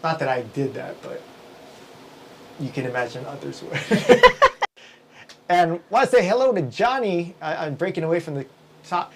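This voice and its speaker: A man's voice: fairly high pitch, big pitch swings, moderate pace, pauses often, noisy background. Rambling livestream host, a man. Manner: rambling, many restarts, chuckles often. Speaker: live show host. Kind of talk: casual livestream chat.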